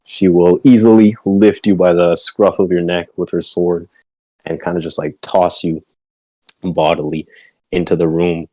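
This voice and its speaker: A man's voice: low voice, little pitch movement, a little slow, dark tone, no echo, poor audio. A man acting as game master, narrating a tabletop game in a casual manner with lots of fillers and occasional swearing.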